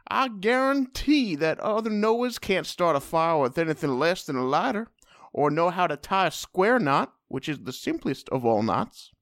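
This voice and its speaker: A man co-hosting a comedy podcast, reading out a listener's letter with playful, deadpan humor. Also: high-pitched, moderate pace, dry recording, clean studio sound. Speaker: podcast co-host.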